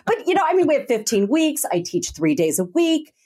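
A female teacher co-hosting a casual chat, telling animated, emotional stories and laughing often. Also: high voice, fairly quick. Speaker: co-host, teacher.

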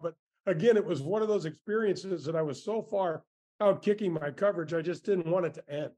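Man in his sixties telling stories, mellow. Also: high-pitched, moderate pace. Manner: animated storyteller with many restarts and "man" asides. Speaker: former tour golfer, guest. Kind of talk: storytelling interview answers.

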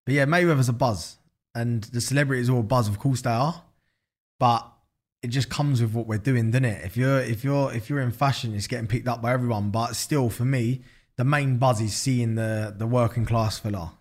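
A man's voice: mid-range voice, steady tone, normal speed, darkish tone. A man with a London accent, a guest in an interview, talking loosely with lots of slang, fillers and swearing. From England. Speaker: guest, business founder. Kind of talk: casual interview chat.

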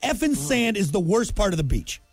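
A man's voice: high-pitched, very animated, moderate pace, dry recording, faint music behind. A man in his thirties co-hosting a casual comedic chat show, joking and ranting with profanity. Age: 30s. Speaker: co-host.

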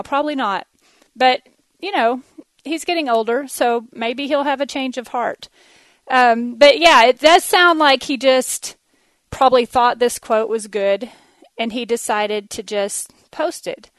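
Texan woman host, chatty solo talk, fairly high voice, dry close sound. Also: a little slow, no room sound. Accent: Texas. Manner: chatty, laughs often, many fillers. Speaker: podcast host. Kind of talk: casual monologue.

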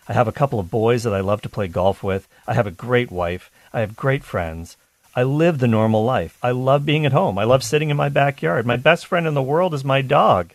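A man's voice: mid-range voice, no room sound. A man hosting a talk radio show, chatting enthusiastically between calls. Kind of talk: casual talk radio chat.

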